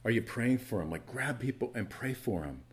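A man preaching a sermon as pastor, earnest and conversational, stumbling over restarts and swinging between loud emphasis and quiet asides. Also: medium pitch, expressive, brisk, slightly rough.

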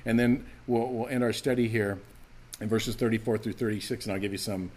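A man preaching a sermon to his church, animated and emphatic, acting out the scripture's voices as he teaches. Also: fairly low pitch, a little fast. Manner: animated, acts out quoted lines, rising to emphatic calls. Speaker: pastor.

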